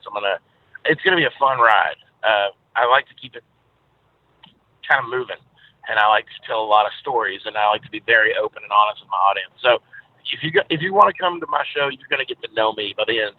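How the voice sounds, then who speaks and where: A man's voice: medium pitch, dry recording. A man from Texas with a Southern accent, a musician guest telling stories in an easygoing way with many filler uhs. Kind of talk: casual interview over the phone. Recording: tinny phone line.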